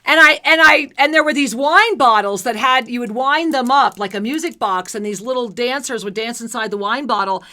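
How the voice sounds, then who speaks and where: A woman's voice: a little high, moderate pace, few pauses, bright, forceful tone. A woman co-hosting spiritual talk radio, effusive and sing-song, giving intuitive readings to callers. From New Jersey. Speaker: radio show co-host and intuitive reader.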